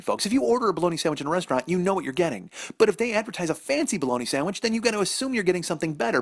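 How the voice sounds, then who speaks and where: Gravelly man ranting comic story. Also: sits high, no echo, clean studio sound. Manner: animated, profane, ranting. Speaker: podcast host telling a story. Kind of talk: comedic storytelling monologue.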